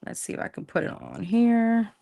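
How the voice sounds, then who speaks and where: A woman's voice: a little high, moderate pace, gravelly, mellow, slight background noise. A woman casually chatting through a livestream tarot reading, slangy, thinking aloud as she pulls cards. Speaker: tarot reader.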